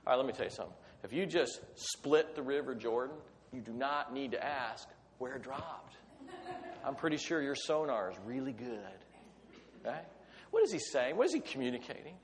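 A man's voice: mid-range voice, lively intonation, normal speed, slight background noise. Storytelling preacher man in a reverberant hall. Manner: storytelling with acted voices, conversational. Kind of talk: sermon.

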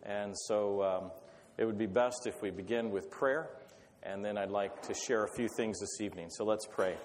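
A man's voice: on the low side, moderate pace. Rambling, earnest man in an echoey hall. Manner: earnest, rambling, with hesitant restarts. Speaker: guest speaker. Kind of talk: sermon with prayer and anecdotes. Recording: echoey hall, faint background noise.

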